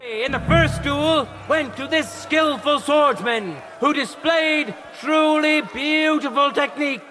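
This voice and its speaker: A booming tournament herald. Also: male voice, bright, forceful tone, heavily acted. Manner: proclaiming, drawn-out announcer delivery. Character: loud male tournament herald announcing duels.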